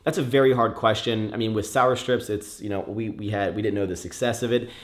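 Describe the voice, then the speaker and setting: A man's voice: fairly low pitch, steady tone, brisk. A young man answering viewer questions in a casual chat, rambling with many fillers and restarts.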